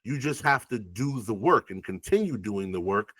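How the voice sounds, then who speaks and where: Rapper dude on an interview, swears a lot, acts out convos, voice jumps all over, dry close sound. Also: male voice, fairly low pitch, normal speed, breathy edge, dry recording. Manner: animated, profane, acts out past conversations. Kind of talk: casual interview storytelling.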